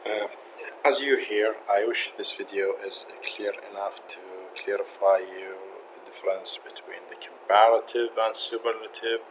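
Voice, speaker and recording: A man with a very deep voice talks slowly and hesitantly to his students, filling the gaps with filler sounds. A steady background noise runs clearly through the recording. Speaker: teacher. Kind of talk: casual spoken remarks to students.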